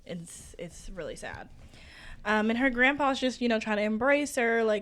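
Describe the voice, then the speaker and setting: A woman's voice: fairly high pitch, big pitch swings, measured pace, a bit bright. Reflective young woman co-host. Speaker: podcast co-host. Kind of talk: casual book discussion.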